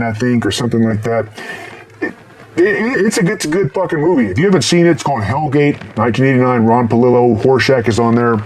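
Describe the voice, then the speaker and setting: A middle-aged man reviewing horror movies in a casual, rambling way, swearing constantly and breaking into loud laughs. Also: mid-range voice, slight background noise. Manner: profane, rambling, bursts into loud laughs and shouts.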